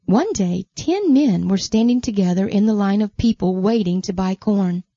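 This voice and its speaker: A woman telling a Bible story to children, gently asking them questions along the way. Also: mid-range voice, lively intonation, normal speed, no echo, highs cut off.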